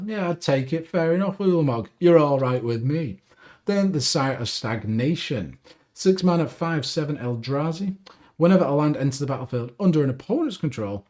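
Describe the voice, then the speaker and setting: A man talks through his favorite cards, reading out their rules and reacting with upbeat asides. His pitch swings widely as he speaks. His tone is casual and chatty, like a regular host of his own show. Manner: reads card text aloud, animated, self-deprecating asides. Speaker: deck review host. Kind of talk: casual card game commentary.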